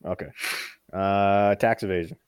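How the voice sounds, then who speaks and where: Low-voiced man trading sarcastic quips. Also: fairly even intonation, measured pace, darkish tone, clean tone, no echo. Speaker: podcast co-host. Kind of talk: casual chat.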